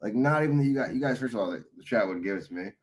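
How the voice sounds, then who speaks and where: A man's voice: medium pitch, animated, rapid-fire. A tired man streaming live, chatting loosely with his viewers and telling rambling, profane stories. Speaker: livestreamer reading chat. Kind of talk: casual rambling chat.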